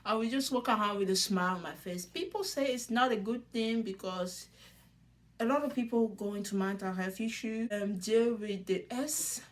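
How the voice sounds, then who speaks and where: Young woman vlogger, chatty recap, mid-pitched voice, laughs a lot, mimics the people she quotes. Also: moderate pace. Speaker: reality show recap host. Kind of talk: casual commentary.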